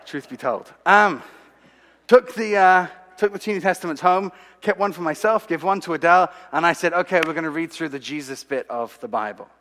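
A man telling his own faith story to an audience, animated and dramatic, with asides to the listeners. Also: fairly high pitch, measured pace, long pauses, a little hiss or hum. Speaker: speaker giving a testimony. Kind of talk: sermon-style storytelling. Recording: long hall reverb.

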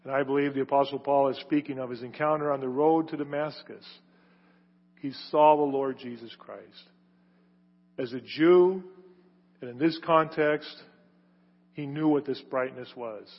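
A man preaching a sermon emphatically, building to loud stressed words and then dropping low. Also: unhurried, long pauses. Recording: reverberant hall, dull lo-fi sound.

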